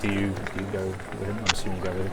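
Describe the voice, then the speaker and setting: A man's voice: deep voice, completely flat delivery, racing, noisy background. A man narrating a tabletop role-playing game as game master, casual and hesitant. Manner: casual, hesitant, many ums and kinda.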